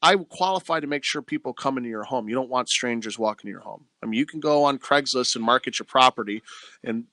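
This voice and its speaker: Man, bright forceful voice, dry close studio sound, emphatic radio talk. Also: medium pitch, fast, dry recording. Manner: emphatic, plain-spoken sales talk. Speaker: real estate agent. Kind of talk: radio talk show chat.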